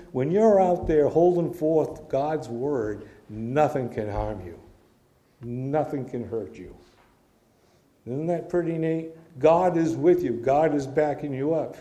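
Middle-aged male Bible teacher with a warm, mellow tone who reads verses and then chats about them. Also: on the high side, measured pace. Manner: reads scripture aloud then explains it in a casual, storytelling way.

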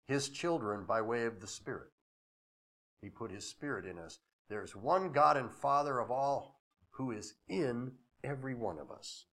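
Man preaching, loud then hushed. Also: medium pitch. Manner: swings from loud emphatic declarations to hushed, reverent asides; conversational, with chuckles and acted-out anecdotes. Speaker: pastor. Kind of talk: sermon.

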